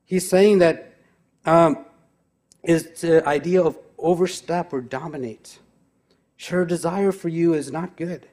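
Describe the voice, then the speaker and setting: A man delivers a church sermon as pastor, driving his points home with a run of emphatic rhetorical questions. His voice sits fairly high for a man, yet its tone is mellow and warm. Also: steady tone, slow pace.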